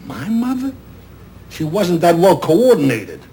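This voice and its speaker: An actor playing a middle-aged theatrical agent, loud, sardonic and self-pitying, in a 1970s TV drama. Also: male voice, sits high, wildly swooping pitch, measured pace, slight background noise, full character voice. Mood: wisecracking. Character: loud, bitter, wisecracking male theatrical agent. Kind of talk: 1970s television drama acting.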